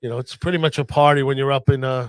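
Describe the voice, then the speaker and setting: A laid-back man talks bluntly and swears now and then as a podcast co-host. His voice sits at an ordinary middle pitch. He is recorded close and dry. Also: fairly even intonation, fast, clean tone, no echo. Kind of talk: casual podcast chat.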